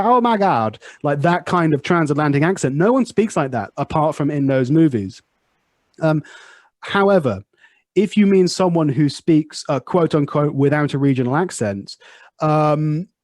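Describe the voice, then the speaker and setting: A man's voice: fairly high pitch, a little mellow, no room sound, clean studio sound. A young British man speaking standard southern British English, chatting casually as a podcast host, with many fillers and restarts. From United Kingdom. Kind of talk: casual conversation.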